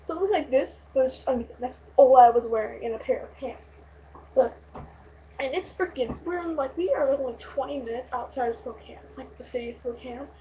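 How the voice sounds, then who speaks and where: A woman's voice: high voice, a little fast, far from the mic, phone-quality sound. Young woman, casual vlog storytelling, rambling and sweary, sits back from the mic, faint hiss. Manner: excitable, rambling, swears freely. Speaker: vlogger.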